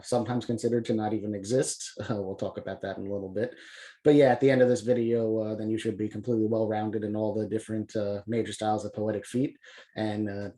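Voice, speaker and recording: Laid-back man giving a poetry lesson. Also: lowish voice. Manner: relaxed, many filler words, loose and unscripted. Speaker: poetry press publisher teaching poetic meter. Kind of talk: casual explanatory video lesson.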